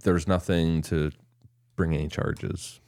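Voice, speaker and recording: A man co-hosting a casual podcast chat, relaxed and matter-of-fact. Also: very deep voice, slow pace, dry recording, studio quality. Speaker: podcast co-host.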